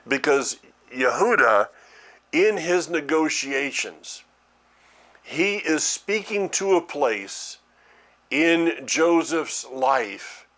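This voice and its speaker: Middle-aged male preacher, mid-pitched, halting earnest delivery, thinks aloud, repeats words. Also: fairly bright tone. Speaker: ministry teacher. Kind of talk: sermon.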